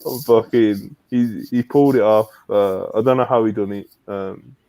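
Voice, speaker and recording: A man co-hosting a podcast in casual chat, excitable, swearing freely and retelling events at length. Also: fairly low pitch, moderate pace. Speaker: podcast co-host.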